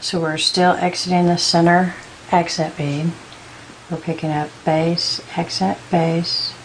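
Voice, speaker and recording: A woman giving a patient step-by-step beading tutorial, counting out beads slowly as she works. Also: lowish voice, little pitch movement, a little hiss or hum, rough recording. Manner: patient, counts beads aloud in slow steps. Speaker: beading instructor.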